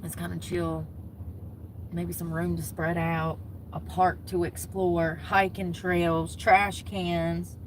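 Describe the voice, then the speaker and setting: A young woman, chatting casually to camera as a vlogger, gossipy and animated. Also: fairly low pitch, takes it slowly, slight background noise, low-quality recording. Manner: chatty, gossipy, talks with her hands in words like "y'all" and "homegirl".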